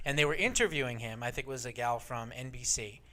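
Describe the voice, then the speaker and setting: A man's voice: mid-range voice, fast, bright, forceful tone. A man co-hosting a political talk radio show, telling a story in an indignant, emphatic way.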